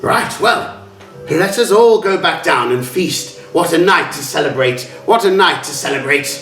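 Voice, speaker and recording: A man's voice: animated, normal speed, a bit bright, soft background music. A man voicing a jovial, pompous lord who proudly toasts a feast. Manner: booming, high and grand. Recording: roomy, from a distance.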